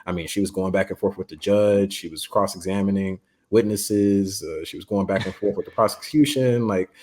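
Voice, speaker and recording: A man's voice: low-pitched, fairly even intonation, brisk, darkish tone. A man, a guest writer, telling a story in casual podcast chat, loose and full of fillers.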